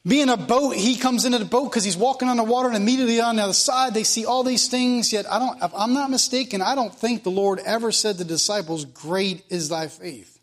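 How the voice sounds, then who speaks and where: Man, preacher, high-pitched, fervent sermon, repetitive, loud and quiet swings. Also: quick pace, hardly any pauses.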